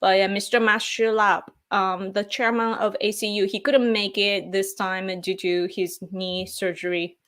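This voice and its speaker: A young woman hosting a casual live stream, hesitant, with many pauses and filler words and small laughs. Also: medium pitch, little pitch movement, a bit bright. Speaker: livestream host. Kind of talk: casual live-stream recap, reading viewer comments.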